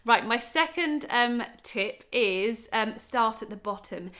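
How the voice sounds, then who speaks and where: A woman's voice: on the high side, lively intonation, takes it slowly, fairly bright tone. A woman in her thirties with a Norfolk accent, chatting bubbly to camera with lots of "right" and "um". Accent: Norfolk English. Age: 30s. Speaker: vlogger. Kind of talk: casual chat to camera.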